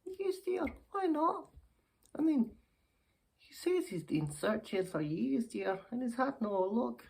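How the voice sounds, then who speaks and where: A woman voicing a chatty, giddy Scottish woman puppet in her sixties, who speaks in a high, fluttery voice and calls everyone dear in a ventriloquist act. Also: sing-song, slow, vocal fry, a little mellow, husky, full character voice. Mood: giddy, excited. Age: 60s.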